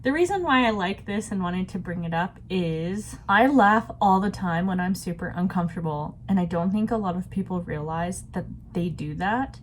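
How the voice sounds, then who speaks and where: A woman's voice: on the low side, lively intonation, moderate pace, hardly any pauses, a little hiss or hum. A woman vlogging about a book she is reading, in a chatty, reflective way. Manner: chatty and reflective, laughs often. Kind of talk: casual book discussion.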